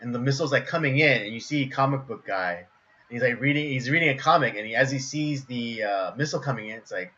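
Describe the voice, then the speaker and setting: A man co-hosting a podcast stream, chatting eagerly about cartoon episodes and getting loud and animated when acting out quotes. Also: mid-range voice, fast. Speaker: podcast co-host. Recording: dull lo-fi stream audio.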